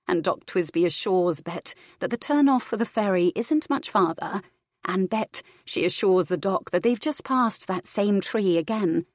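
A woman reading a novel aloud in a measured, even voice. Her tone sits low, and the recording is close and dry. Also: dry recording. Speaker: narrator. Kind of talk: audiobook fiction reading.

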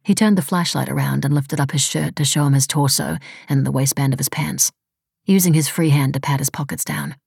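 A woman narrating a thriller audiobook in a steady, even storytelling manner. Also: rumbling low, brisk, vocal fry, husky, no room sound, clean studio sound. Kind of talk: scripted narration.

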